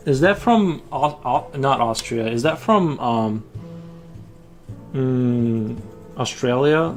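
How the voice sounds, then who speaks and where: A man's voice: medium pitch, expressive, slow pace, soft background music. A man chatting casually with his viewers while drawing on a livestream, rambling with frequent restarts. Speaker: livestream artist.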